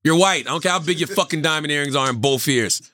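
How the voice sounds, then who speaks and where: A man's voice: a little high, fast talker, sharp tone. A man co-hosting a podcast, teasing and laughing often in casual comedic banter. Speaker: podcast co-host.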